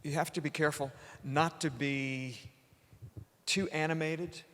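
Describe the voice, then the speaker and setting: A man's voice: fairly high pitch, steady tone, a little slow, a bit bright. A man coaching a singer in a live masterclass, explaining points carefully and singing short examples. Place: stage before a live audience. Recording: long hall reverb, live auditorium.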